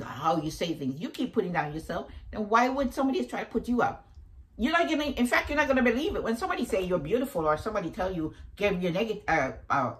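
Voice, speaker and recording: A woman in her fifties with a deep voice, giving a preachy, animated motivational talk grounded in faith and repeating affirmations. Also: rough recording. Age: 50s. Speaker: motivational vlogger.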